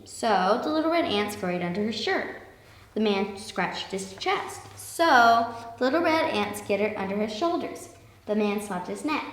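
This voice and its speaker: A woman reading a children's picture book aloud in a lively way, slowing down for emphasis. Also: fairly high pitch. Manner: lively, with slowed emphatic passages. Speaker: storyteller. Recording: echoey room with long reverb.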